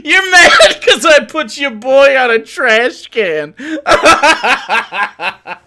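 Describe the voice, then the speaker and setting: A man's voice: extremely high pitch, very animated, extremely slow, noisy background. A man streaming live, taunting a chatter with profanity and frequent laughter.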